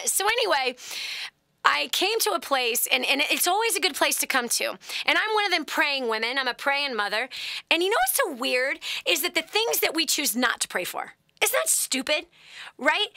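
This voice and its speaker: Bright high-voiced woman radio host. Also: no room sound, clean studio sound. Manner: animated, laughing, drops to a whisper at times. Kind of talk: radio call-in advice, storytelling.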